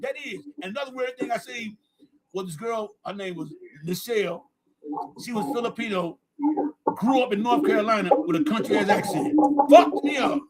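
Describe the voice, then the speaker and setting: A man hosts a casual podcast in a high voice, telling loud, joking stories peppered with swearing. Other people chatter and react around him the whole time. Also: lively intonation, moderate pace, rough recording. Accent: Southern US. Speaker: podcast host. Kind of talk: casual profane chat.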